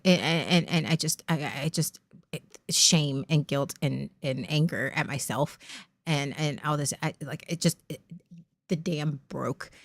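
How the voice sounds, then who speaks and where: A woman in her forties speaks in a casual, candid ramble, often swearing and circling back on herself. Her voice sits fairly low. The sound is dry and close. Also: a bit bright, dry recording. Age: 40s. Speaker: streamer host.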